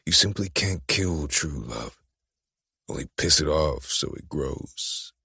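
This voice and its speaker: A man voicing a brooding, tattooed young man who is possessive and menacing, speaking in a low, teasing murmur for an audiobook. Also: animated, slow, sharp tone, no echo, clean studio sound, exaggerated voice. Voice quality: very deep, gravelly, husky. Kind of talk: audiobook dark romance voice acting.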